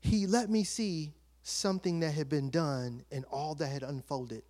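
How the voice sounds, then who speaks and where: Male pastor, middle-aged, animated sermon storytelling, hushed asides then loud outbursts. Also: fairly high pitch, measured pace.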